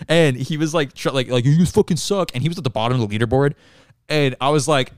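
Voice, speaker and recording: A young man on a casual podcast, telling crude, profane stories and acting out loud shouted comebacks. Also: mid-range voice, fast talker, clear, resonant tone, dry recording, clean studio sound. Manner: crude, profane storytelling with loud acted outbursts. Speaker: podcast co-host. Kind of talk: casual chat among friends.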